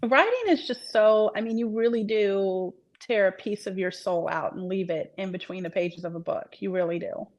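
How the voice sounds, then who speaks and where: A woman's voice: mid-range voice, steady tone, moderate pace, few pauses. A woman author talking casually in an interview, earnest and reflective, trailing off with fillers as she thinks aloud. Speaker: author guest.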